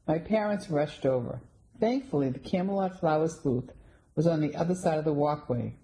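A woman narrating a first-person story in a steady, scripted storytelling delivery. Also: deep voice, moderate pace, poor audio. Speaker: audiobook narrator.

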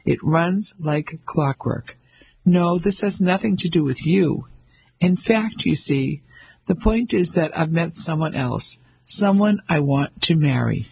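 A pompous 55-year-old banker, patronizing and blustering, as a man acts him out. The voice is very husky and gravelly, with a slightly raised pitch. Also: expressive, slow pace, a little mellow, exaggerated voice, rough recording.

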